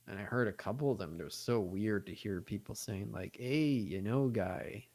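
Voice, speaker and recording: A man with a low, gravelly voice talks on a podcast. He rambles loosely and chattily, piling on fillers as he tells his stories. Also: fairly quick, a little mellow. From United States. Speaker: podcast guest. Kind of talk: casual podcast chat.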